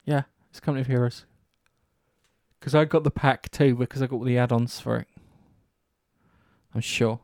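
A man's voice: mid-range voice, normal speed, pauses often, dry recording, studio quality. A man chatting casually about games, rambling and swearing freely as he tells stories. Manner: rambling, swears often, animated storytelling.

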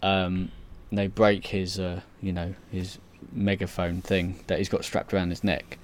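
A man's voice: sits low, level tone, unhurried, a little hiss or hum. A man in casual chat, recapping scenes hesitantly with lots of fillers and the odd swear word.

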